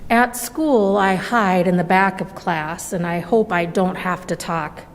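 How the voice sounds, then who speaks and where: A woman reading a children's story aloud at a church service, gentle and measured. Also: fairly low pitch. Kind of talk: slow storybook read-aloud. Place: church sanctuary. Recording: long reverb of a large hall.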